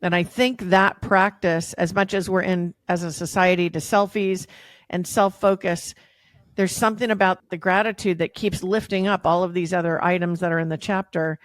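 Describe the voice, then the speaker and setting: A woman's voice: lowish voice, steady tone, normal speed, dry recording. A woman hosting a podcast, leading a thoughtful casual discussion. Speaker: podcast host. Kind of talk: casual chat.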